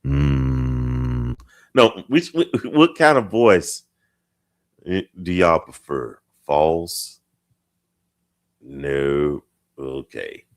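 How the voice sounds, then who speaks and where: A man's voice: low-pitched, lively intonation, drawn-out words, long pauses. A male host chatting casually on a live stream, reading viewer comments aloud, drawing words out and repeating phrases. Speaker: host of a live chat show.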